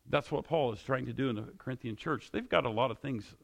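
A man preaches to his congregation. He leans on emphatic, repeated questions. His voice sits at a middle pitch with a gravelly, crackling edge. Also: brisk. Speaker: pastor. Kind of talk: sermon.

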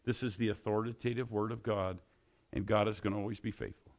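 A man's voice: on the low side, fairly even intonation, fast, darkish tone. A male pastor preaching a sermon, pressing his listeners with repeated, emphatic questions.

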